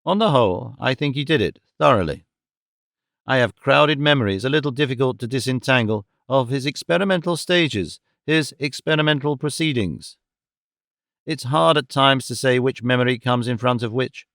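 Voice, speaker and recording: A man giving a measured, scripted narration of a classic novel, shifting his voice for the quoted characters. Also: medium pitch, creaky, a bit bright, no echo, studio quality. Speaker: audiobook narrator.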